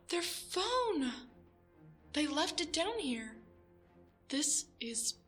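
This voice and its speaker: A woman's voice: high voice, slow, sharp tone, exaggerated voice. Woman doing a scared young captive, whispery and breathless, faint music behind. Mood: tense, frightened. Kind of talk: audio drama role-play.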